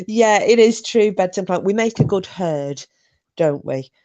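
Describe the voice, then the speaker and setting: Slow, mellow-voiced woman chatting giggly. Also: medium pitch, lively intonation, dull audio. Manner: chatty and giggly, laughing often between remarks. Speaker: live stream host. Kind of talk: casual chat to a live chat audience.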